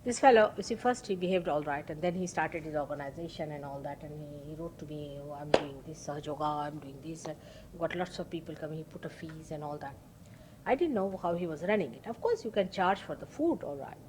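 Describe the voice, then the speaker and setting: A woman with a low, darkish voice speaks briskly over a rough recording with a little hiss or hum. She's a spiritual teacher giving an informal talk, telling a story emphatically, repeating key words and acting out the dialogue of its characters.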